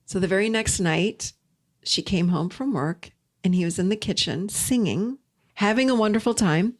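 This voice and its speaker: A woman's voice: mid-range voice, normal speed. A woman host giving relationship advice in an earnest, emphatic storytelling manner, repeating her key points. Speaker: podcast host and relationship coach. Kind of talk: storytelling self-help talk.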